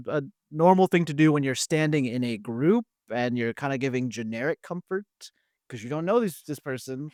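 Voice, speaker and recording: A man's voice: on the high side, clear, resonant tone, dry recording. Guy hosting a recap podcast, rambly, keeps restarting sentences, dry close sound. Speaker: podcast host. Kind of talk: casual recap chat.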